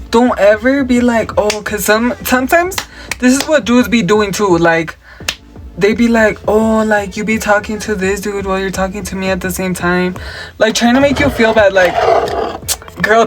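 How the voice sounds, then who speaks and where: A man's voice: high voice, a bit bright. A young man, chatting casually through a makeup tutorial and story time, sassy and profane, mixing Spanish slang into his English. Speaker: makeup vlogger. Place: at home.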